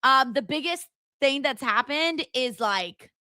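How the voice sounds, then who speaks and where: A woman's voice: sits high, lively intonation, unhurried, pushed and bright, no room sound, studio quality. A woman hosting a live watchalong stream, chatting bluntly with her viewers in a casual, rambling way. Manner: chatty, blunt, full of fillers and asides to chat. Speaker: livestream host.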